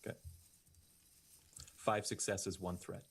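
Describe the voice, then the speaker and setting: A deep-voiced man takes his turn as a player in a tabletop role-playing game. He is polite and a little apologetic, asking how the rules work and checking his character sheet before he rolls. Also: flat delivery, slow pace, creaky, husky.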